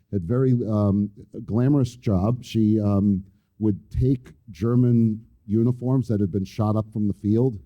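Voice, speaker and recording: Low, very dark-voiced middle-aged man. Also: no room sound, dull audio. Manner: halting, with many ums and restarts, acting out dialogue. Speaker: school principal. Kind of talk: personal storytelling on a local TV panel.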